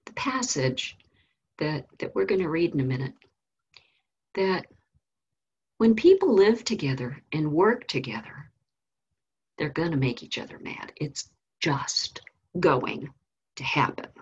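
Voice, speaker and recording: A woman teaching Sunday school, telling a story in an animated, storytelling way. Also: sits low, measured pace, pauses often, husky, muffled recording. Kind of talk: storytelling lesson.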